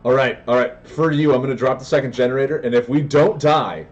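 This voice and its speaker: A man commentating his own card game live, excitable and prone to yelling and tangents. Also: mid-range voice, fast, lo-fi sound, faint music behind. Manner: excitable, yells in bursts, goes on tangents.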